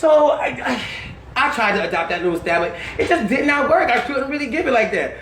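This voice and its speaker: A woman telling candid stories in an interview, blunt, slangy and animated, laughing often. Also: fairly high pitch, fast talker, reverberant, a little hiss or hum, low-quality recording.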